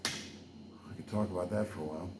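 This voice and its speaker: A man's voice: low-pitched, normal speed, echoey room, background noise. A man from Wales hosting a podcast, talking loosely and drifting from campaign plans into preaching, with lots of fillers and asides. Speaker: podcast host. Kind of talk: rambling casual monologue with preaching.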